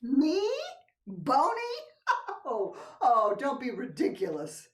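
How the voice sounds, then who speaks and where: A woman's voice: mid-range voice, very animated, takes it slowly, recorded from a distance. An older woman acting a playful wife who teases and coaxes her husband, in a stage play performed over a video call. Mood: indignant. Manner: coaxing, teasing, drops to whispers. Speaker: actor in a play. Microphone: computer mic on a video call.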